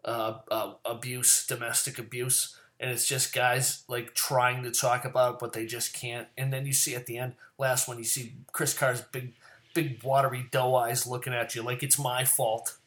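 A man's voice: little pitch movement, moderate pace. Profane ranting man picking fantasy football players. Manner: profane, rambling and ranting, swears often; gets loud and worked up, then drops back to low mutters. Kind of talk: casual fantasy football picks rant.

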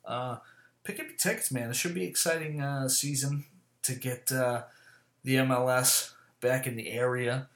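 A man's voice: medium pitch, fairly even intonation, moderate pace, fairly bright tone. Profane, rambling man in an echoey room. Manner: rambling, profane, fillers and self-corrections. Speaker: vlogger. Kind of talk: casual chat to camera. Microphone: camera mic.

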